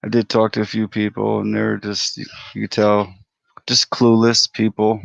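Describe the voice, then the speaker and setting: Gravelly man hosting a livestream. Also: lowish voice, completely flat delivery, normal speed, no echo. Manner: laid-back, chatty, greets viewers by name. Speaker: livestream host. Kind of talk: casual livestream chat. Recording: dry, dull lo-fi audio.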